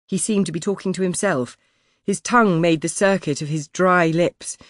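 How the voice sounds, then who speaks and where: A man reading a first-person historical audiobook in a measured, expressive storytelling manner, close to the microphone. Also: high voice, dry recording. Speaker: audiobook narrator. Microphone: close studio mic.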